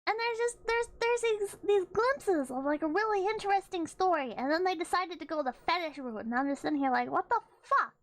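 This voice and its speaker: A woman's voice: very high-pitched, animated, brisk, few pauses, no room sound. A woman streamer chatting casually, rambling with frequent laughs and swearing. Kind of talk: casual chat.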